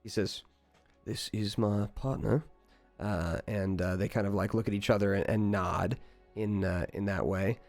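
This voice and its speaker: A man running a tabletop game as game master, narrating in a relaxed, halting way with many fillers. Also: low voice, faint music behind.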